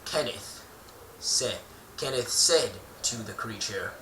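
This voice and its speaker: At medium pitch and normal speed, a man with a bright, forceful tone spins an improvised story, playful and meandering, frequently fixing himself mid-sentence. The distant mic catches roomy echo and a little hiss or hum.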